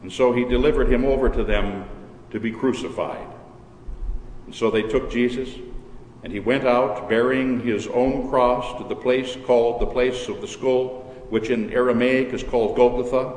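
A man reads scripture aloud, steady and measured, at a middling pitch. His voice carries a long, roomy reverb from the hall. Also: slight background noise. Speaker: scripture reader. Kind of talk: scripture reading.

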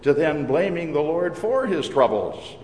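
A man with a fairly high voice preaches a sermon, earnest and measured, slowing on the words that matter. He sounds as if he is in a church, with a long, roomy reverb behind him. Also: sing-song, darkish tone, slight background noise. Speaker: pastor.

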